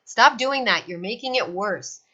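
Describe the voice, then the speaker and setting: A woman's voice: mid-range voice, moderate pace, fairly bright tone, husky. A woman voicing a touchy, proud stout older man who answers back indignantly, in a slightly dull recording. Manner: indignant, boastful.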